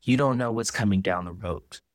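A man's voice: fairly low pitch, normal speed, no echo, studio quality, close to an everyday voice. A man reading an audiobook, voicing an angry, hurt woman who snaps back with curt, profane retorts. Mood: weary.

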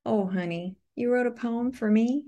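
A woman's voice: on the high side, normal speed, warm tone, voice pushed up, lightly acted. A woman reading the part of a tender, affectionate woman who speaks soothingly and calls her partner honey.

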